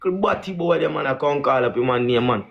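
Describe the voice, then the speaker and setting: A man with a Jamaican Patois accent scolding insistently in rough street talk on a live stream. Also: mid-range voice, lively intonation, brisk, highs cut off.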